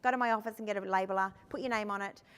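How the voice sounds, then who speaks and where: A woman's voice: medium pitch, clean tone. Candid woman in an echoing hall. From Australia. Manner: lively and candid, with quick asides. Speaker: foster carer and workshop presenter. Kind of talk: conference workshop talk. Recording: long hall reverb.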